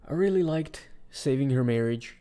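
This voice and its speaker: A man giving casual, rambling commentary for a video, with sudden excited outbursts. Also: medium pitch, normal speed, clear, resonant tone. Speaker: video creator. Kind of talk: casual commentary ranking game characters.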